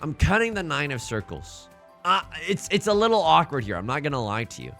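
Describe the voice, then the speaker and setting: A man's voice: fairly high pitch, sing-song, brisk, a bit bright, soft background music. A man hosting a let's play, commentating his game in a playful, joking way and talking to himself with repeated phrases. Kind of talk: gameplay commentary.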